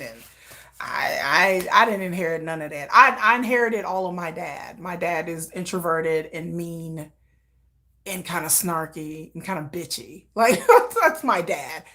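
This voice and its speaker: A woman's voice: lowish voice, bright, forceful tone. Middle-aged woman, hosting a livestream, rambling and laughing through a story. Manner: rambling, laughs often, acts out quoted voices. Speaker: livestream host. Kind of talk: casual storytelling chat.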